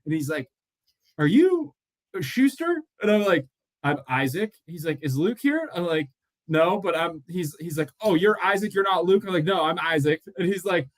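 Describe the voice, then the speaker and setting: A man co-hosting a casual podcast, telling stories in an animated way and acting out the voices of people he quotes. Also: on the high side, brisk. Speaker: podcast co-host; mortgage loan officer. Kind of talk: casual chat.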